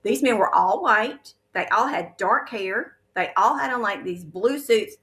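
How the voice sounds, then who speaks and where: A woman's voice: mid-range voice, lively intonation, a little slow, fairly bright tone. A woman, earnestly sharing a vivid spiritual testimony as a guest. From Alabama, USA.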